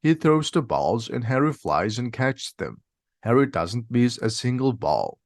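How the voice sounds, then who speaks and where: A man narrating a simplified audiobook in a slow, plain, steady reading. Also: medium pitch, no room sound, clean studio sound. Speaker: reader.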